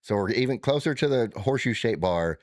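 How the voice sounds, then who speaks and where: A man telling a rambling, animated, profane trip story in casual chat. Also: medium pitch, brisk, dry recording, clean studio sound.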